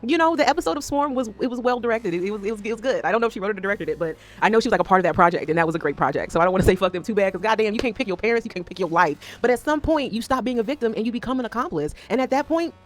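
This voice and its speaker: A woman in her thirties from the Northeast United States, ranting in a casual vlog. She is animated and profane, swinging between loud outbursts and quiet asides. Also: mid-range voice, rapid-fire, hardly any pauses. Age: 30s. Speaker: vlogger. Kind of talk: casual unscripted rant.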